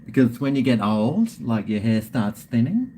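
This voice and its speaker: A man's voice: mid-range voice, sing-song, normal speed, mellow, a little hiss or hum. A middle-aged Australian man hosting a live stream, rambling and swearing in casual banter with his viewers.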